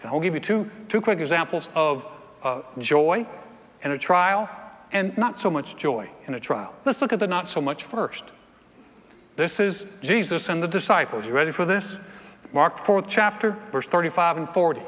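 The middle-aged pastor's voice is a little high and moderately paced as he delivers an animated sermon, acting out scenes and joking with the congregation. The church sanctuary gives a reverberant sound with faint ambience.

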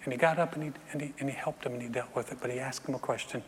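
Animated pastor in a hall. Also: male voice, medium pitch, very fast, slight background noise. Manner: animated, acts out scenes, jokes with congregation. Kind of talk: sermon. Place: church sanctuary. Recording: reverberant hall with faint ambience.

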